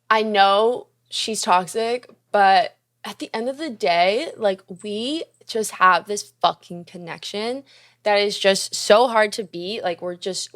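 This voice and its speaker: Young woman swearing through a storytime. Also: medium pitch. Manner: fast, profane, confessional, laughing often. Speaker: podcast host. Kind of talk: candid storytime chat.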